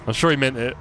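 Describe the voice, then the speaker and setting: A man's voice: medium pitch, a bit bright. A young man live-streaming sim racing, chatty and self-mocking, calling the race as he drives.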